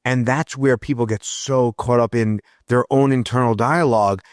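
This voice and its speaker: A man's voice: mid-range voice, steady tone, moderate pace, dry recording, clean studio sound. A man in his thirties hosting a podcast, talking reflectively and often checking in with "right?". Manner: reflective, leans on "right?" tags. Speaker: podcast host. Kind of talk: casual interview chat.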